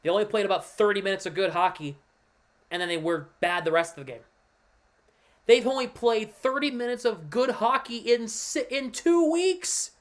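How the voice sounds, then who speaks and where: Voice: mid-range voice, moderate pace. Frustrated hockey fan ranting on a stream. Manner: walks viewers through a play by pointing on screen. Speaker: livestream host and hockey fan. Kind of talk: casual livestream commentary on a game.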